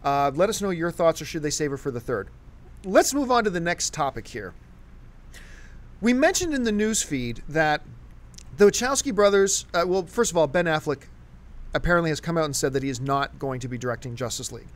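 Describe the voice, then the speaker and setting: A man hosting a casual movie chat show, steering the discussion and talking with animated energy. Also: a little high, a little fast. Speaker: host.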